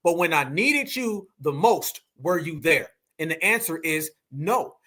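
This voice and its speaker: A man's voice: a little high, animated, a little slow, pushed and bright. A man from the United States with an African American English accent, hosting reaction commentary in a blunt, preachy way and calling his viewers family. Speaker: commentary channel host.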